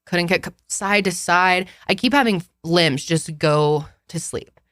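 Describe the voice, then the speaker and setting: A woman's voice: fairly low pitch, unhurried, fairly bright tone, no echo, clean studio sound. A young pregnant woman co-hosting a podcast, chatting candidly and tiredly, laughing often and swearing freely. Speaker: podcast co-host. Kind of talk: casual chat.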